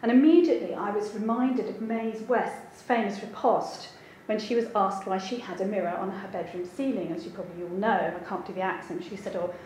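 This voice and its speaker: This is an academic lecture given by a woman translator in a lecture room; she sounds thoughtful, hedges often, and says um a lot. Her medium-pitched, slightly mellow voice moves fairly quickly with hardly any pauses. Heavy room echo and faint background hiss mark the recording.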